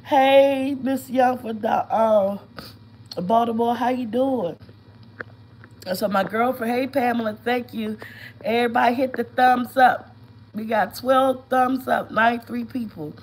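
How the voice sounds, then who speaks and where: A woman's voice: on the high side, fairly even intonation, unhurried, a little hiss or hum, poor audio. A woman in her fifties with a head cold, sniffling and stuffed up, telling a long story while lying at home during a casual live stream and greeting viewers by name. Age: 50s.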